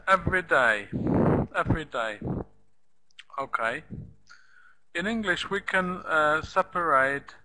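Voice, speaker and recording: A man teaching a beginner English lesson, repeating example sentences slowly and tapping out rhythm with "da da da". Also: on the high side, pushed and bright, rough recording. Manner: slow, deliberate, repeats sentences for learners; claps out rhythm with "da da da". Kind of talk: live online language lesson.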